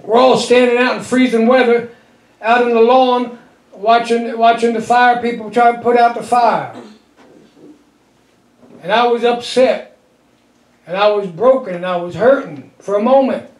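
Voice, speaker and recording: Middle-aged male pastor with a very high-pitched voice, folksy, chuckling storyteller, echoey church room. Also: a little slow, pauses often. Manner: call-and-response with the congregation. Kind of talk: sermon.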